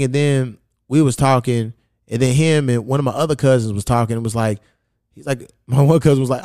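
A man's voice: mid-range voice, fast, a little mellow, no echo, clean studio sound. A man hosting a podcast in casual chat, telling stories bluntly and cursing constantly. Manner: blunt, profane storytelling. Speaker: podcast host.

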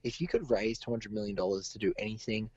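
A man with a sore, hoarse throat, co-hosting a podcast and ranting with exasperated swearing. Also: on the low side, quick pace, a little mellow, no echo, lo-fi sound. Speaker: podcast co-host. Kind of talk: casual podcast rant.

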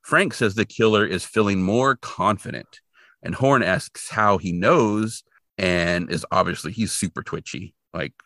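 A man's voice: lowish voice, unhurried, dry recording. A man co-hosting a podcast, casually retelling a TV episode with lots of "like" and acted-out quotes. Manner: animated, filler-heavy retelling with voiced quotes. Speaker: podcast co-host. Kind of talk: casual recap chat.

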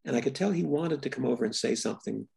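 This older filmmaker, interviewed about his work, has a husky, gravelly voice at a medium pitch with a somewhat mellow tone. He talks fast yet thoughtfully, often breaking off and restarting sentences.

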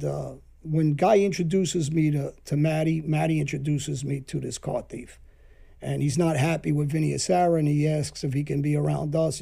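A man spins a casual story. His voice is extremely gravelly, deep in tone and very dark, and he slips into the voices of the people he quotes as the tale rambles on. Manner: rambling, acts out quoted dialogue. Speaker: podcast storyteller.

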